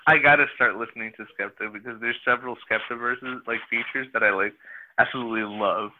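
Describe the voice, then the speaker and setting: A man's voice: mid-range voice, steady tone, brisk, background noise. A man from New Jersey, co-hosting a casual chat over the phone, laughing and swearing as he rambles. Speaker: podcast co-host. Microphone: phone call. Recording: dull lo-fi phone sound.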